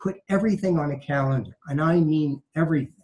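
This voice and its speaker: A New York law professor with a light Brooklyn accent gives emphatic, conversational advice, repeating his key phrases. His voice is a little high and slightly mellow, he talks fast, and the recording is low quality.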